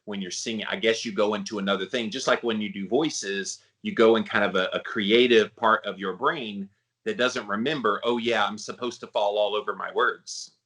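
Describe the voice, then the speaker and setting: A man with a baritone voice hosting a podcast interview, chatty and rambling. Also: steady tone, moderate pace, a bit bright. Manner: chatty, rambling, with frequent fillers. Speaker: podcast host.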